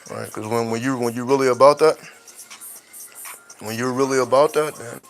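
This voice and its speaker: A man's voice: medium pitch, fairly even intonation, moderate pace, faint music behind, low-quality recording. A man hosting a late-night talk show, musing openly as a father in a loose, profane monologue that keeps checking in with "right?". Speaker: podcast host.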